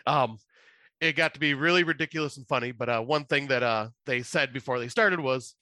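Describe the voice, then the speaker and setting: A man from Michigan chats casually on a podcast, spinning a loose, rambling story. His voice is bright and forward. He laughs a lot and swears freely, and the sound is dry and close. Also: medium pitch, a little fast, no echo. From Michigan, USA. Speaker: podcast co-host.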